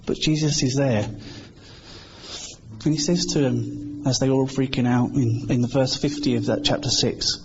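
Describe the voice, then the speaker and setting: A man's voice: medium pitch, fairly even intonation, a little slow. A British man preaches in an earnest, conversational way, acting out the voices he quotes. His recording sounds a little dull, with a faint hiss behind him. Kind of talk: informal sermon.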